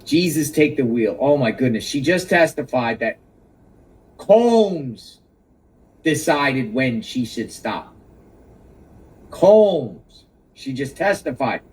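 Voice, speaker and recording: A man's voice: medium pitch, moderate pace, few pauses, husky, recorded from a distance, poor audio. A man giving emphatic live reaction commentary outdoors, exclaiming and repeating his key points.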